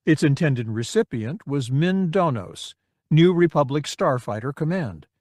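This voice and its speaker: A man reads an audiobook with an animated, expressive pitch, in measured storytelling. The recording is dry and close, with no room sound. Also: no room sound. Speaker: audiobook narrator. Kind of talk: scripted narration.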